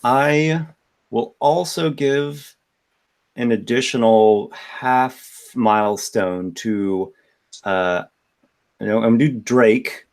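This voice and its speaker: A man's voice: medium pitch, takes it slowly, darkish tone. A man running a tabletop game as game master, talking loosely and thinking aloud. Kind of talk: casual tabletop game talk.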